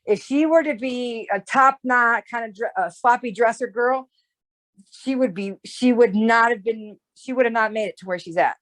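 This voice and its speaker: A woman's voice: a little high, moderate pace, fairly bright tone. A woman in a casual conversation, explaining ideas at length in a rambling way, often checking in with "right?". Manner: rambling, with restarts and "right?" tags. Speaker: astrologer guest.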